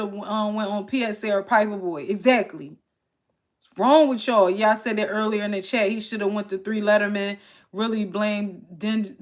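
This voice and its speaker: A young woman hosting a casual livestream, ranting to her chat in an exasperated way. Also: medium pitch. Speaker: livestream host.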